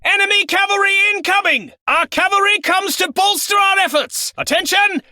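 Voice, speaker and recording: A man's voice: moderate pace, no echo, full character voice. A man voicing a snobby, greedy, self-absorbed noble in a game, with pompous, fussy delivery. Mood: alarmed. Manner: pompous, fussy, high-pitched shouting. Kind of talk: video game voice lines. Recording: dry studio.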